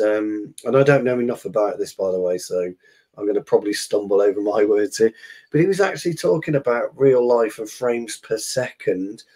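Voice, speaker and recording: Co-host, male, lowish voice, thoughtful and halting. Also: darkish tone. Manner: thoughtful, hesitant with many fillers. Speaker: podcast co-host. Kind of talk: casual football podcast chat.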